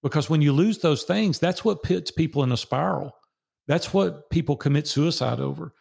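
Gravelly older Southern man telling a story. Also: on the high side, moderate pace, darkish tone. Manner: earnest, repeats phrases for emphasis. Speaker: podcast guest. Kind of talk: casual storytelling interview.

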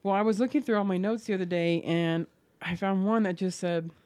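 A woman's voice: mid-range voice, steady tone, a little fast, a little mellow, dry recording. A young woman co-hosting a podcast, telling stories in casual chat with frequent giggles. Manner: giggly, storytelling. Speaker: podcast co-host.

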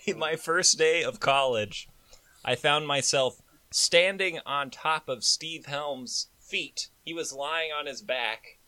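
A man's voice: on the high side, slow pace, pushed and bright. A man co-hosting a casual podcast who tells jokey stories, laughs often, and reads scripture aloud. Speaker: podcast co-host. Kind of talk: casual chat and scripture reading.

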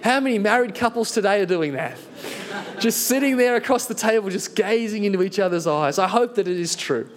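A man preaching a sermon as pastor, earnest and animated, telling a self-deprecating story. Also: high voice, fairly quick.

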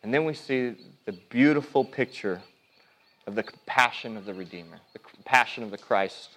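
A male pastor giving a sermon, preaching earnestly, swinging between hushed and emphatic, often stopping and restarting mid-phrase. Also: mid-range voice, lively intonation, moderate pace.

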